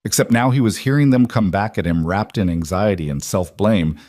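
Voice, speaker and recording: A man narrating a scripted story in a measured, gentle storytelling manner. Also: fairly low pitch, dry recording, studio quality.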